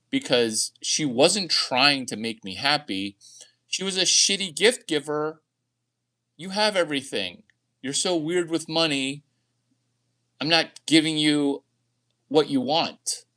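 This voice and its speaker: A man's voice: on the high side, animated, slow pace, sharp tone. A man talking to camera in a rambling, crude, boastful monologue, often laughing at his own jokes. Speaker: vlogger.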